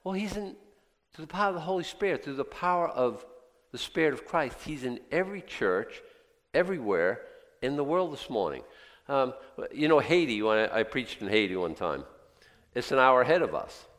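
A man preaching a sermon in a church, conversational and animated, with jokey asides. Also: medium pitch, normal speed, big-room sound. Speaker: pastor.

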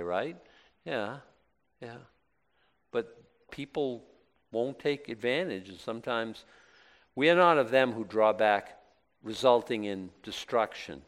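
A man giving a sermon as pastor, conversational and emphatic, asking questions and answering them himself. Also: medium pitch. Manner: conversational, rising to emphatic bursts then dropping soft.

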